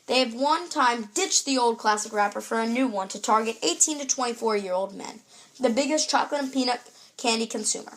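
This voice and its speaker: A woman's voice: a little high, a little fast, fairly bright tone. A young woman presenting a scripted food show in an upbeat, read-aloud presenter tone.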